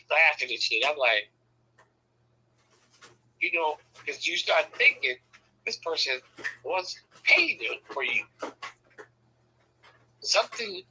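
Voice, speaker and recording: A man with a husky, bright voice tells stories in a casual chat, laughing often and acting out quoted lines with sudden high shouts. His speech is animated, loose, everyday, and profane, and the recording is rough.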